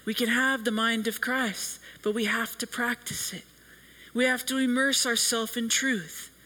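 A man preaching a sermon in an earnest, measured way, with long pauses between phrases. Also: very high-pitched, level tone, sharp tone, rough recording.

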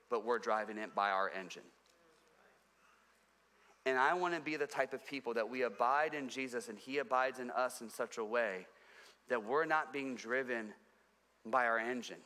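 Bright-voiced pastor preaching in a reverberant hall. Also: male voice. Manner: earnest, repeats phrases for emphasis, drops low and quiet on key points. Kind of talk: sermon. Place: church sanctuary.

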